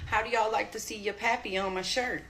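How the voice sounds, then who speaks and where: Woman ranting at the camera, taunting and cussing, even pitch. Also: very noisy. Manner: taunting, profane, drawn-out challenges. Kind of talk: social media video rant.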